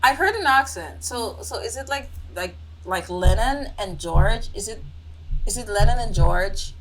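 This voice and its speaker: Playful, unhurried young woman streamer. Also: medium pitch, expressive, a bit bright, a little hiss or hum, rough recording. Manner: playful, exclaiming, addresses viewers directly. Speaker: music reaction streamer. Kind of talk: casual live-stream reaction chat.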